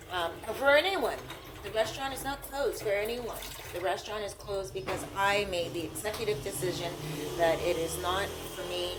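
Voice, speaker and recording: A woman's voice: fairly low pitch, noisy background. A woman vlogger talking casually to camera while eating, chatty and repeating herself. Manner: chatty, repeats herself, talks with mouth full.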